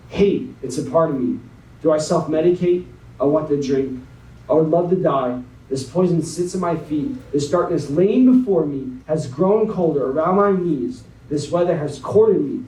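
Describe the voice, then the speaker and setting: A young man as a guest speaker, slowly and dramatically reading a spoken word poem, then talking to a young audience. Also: on the high side, dark tone. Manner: slow, dramatic poetry reading. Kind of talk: spoken word poetry then motivational talk. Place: conference hall. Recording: echoey hall, mic at a distance.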